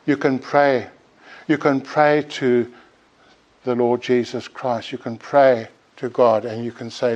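Slow, earnest male preacher. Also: mid-range voice, little pitch movement, darkish tone, highs cut off. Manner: earnest, pleading exhortation with rising emphasis. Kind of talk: sermon.

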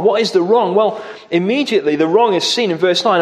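A man's voice: on the high side, animated, normal speed, hardly any pauses. A man preaching a sermon, grave and emphatic, repeating key words for weight.

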